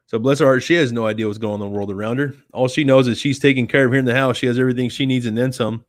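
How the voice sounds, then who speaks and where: A chatty man hosting a casual live stream from his home setup, speaking into a desk mic on a stand. His voice sits at a middle pitch and he rambles loosely with filler words, his tone relaxed and friendly. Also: rapid-fire, few pauses, no echo, studio quality. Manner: rambling, chatty, talks to his cat in a soft baby voice. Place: home studio with softbox light. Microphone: desk microphone on a stand.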